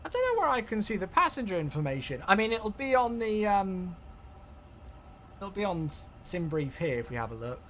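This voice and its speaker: A man runs a live flight sim stream from his home setup, chatty and thinking aloud. His voice sits high and swings widely in pitch. A faint hiss stays under him. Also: sing-song, moderate pace. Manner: chatty, thinking aloud, thanking viewers warmly.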